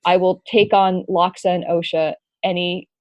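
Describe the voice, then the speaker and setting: A woman's voice: on the low side, level tone, normal speed, no room sound, lo-fi sound. Woman, young adult, from Los Angeles, chatty storyteller, dry close sound. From Los Angeles, California. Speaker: guest, performer and writer. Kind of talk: podcast interview.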